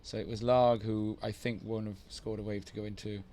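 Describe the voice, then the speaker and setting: A man's voice: fairly low pitch, level tone, brisk, dark tone, a little hiss or hum. Chatty male surf commentator. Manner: chatty, teasing banter between play-by-play calls. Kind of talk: live sports commentary.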